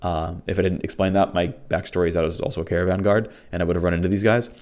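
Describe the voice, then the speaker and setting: A young man with a notably deep voice recounts a tabletop game session in a loose, rambling way. He piles on fillers and restarts, then jumps into animated quoted exchanges between players. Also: rapid-fire. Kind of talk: casual storytelling recap.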